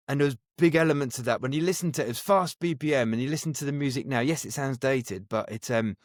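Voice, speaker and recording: A man's voice: medium pitch, no echo, studio quality. A middle-aged man, a DJ guest, telling stories in a reflective way with many restarts. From England. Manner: reflective, restarts phrases often. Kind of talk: casual interview storytelling.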